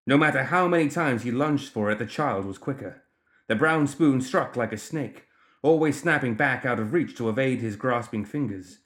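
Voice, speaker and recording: An audiobook narrator reading a story with expressive delivery. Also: mid-range voice, normal speed. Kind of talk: scripted narration.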